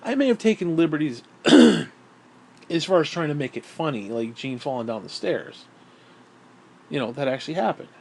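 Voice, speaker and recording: A man's voice: on the high side, big pitch swings, normal speed, long pauses, darkish tone, a little hiss or hum. A middle-aged man in a casual monologue, ranting in a bitter, profane, rambling way. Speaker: vlogger.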